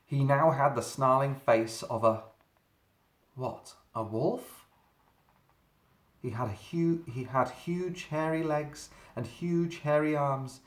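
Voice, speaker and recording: Guy reading a creepy kids story, drawn-out and dramatic, echoey room. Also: medium pitch. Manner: dramatic, slowing down for suspense. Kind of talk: reading a children's story aloud. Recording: roomy echo.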